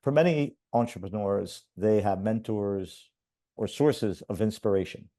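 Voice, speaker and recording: A male podcast host asking interview questions with measured, polite transitions. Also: fairly low pitch, warm tone.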